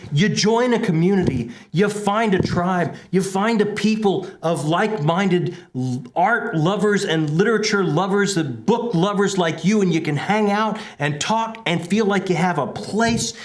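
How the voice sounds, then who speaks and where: A man's voice: high voice, a little slow, hardly any pauses. A man co-hosting a casual book chat show, playfully overselling with lots of energy and a fair bit of ham. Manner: playfully overselling, animated and hammy. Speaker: podcast co-host.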